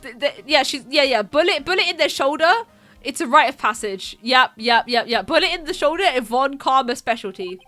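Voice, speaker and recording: Bright-voiced excitable woman streamer. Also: high voice, fairly quick, soft background music. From United Kingdom. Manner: excitable, laughs often, voices characters. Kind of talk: live game playthrough, reading dialogue aloud.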